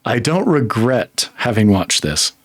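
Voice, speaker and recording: A man's voice: mid-range voice, very animated, measured pace, no echo, studio quality. A man co-hosting a podcast, giving an emphatic, exasperated film review with frequent laughter. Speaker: podcast co-host. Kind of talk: casual film review chat.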